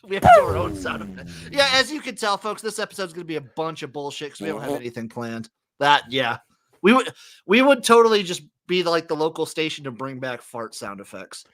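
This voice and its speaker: A man's voice: a little high, sing-song, brisk, fairly bright tone. A man hosting a casual podcast, trading loose, swearing jokes with his co-host. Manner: joking, swearing, loose banter. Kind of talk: casual chat.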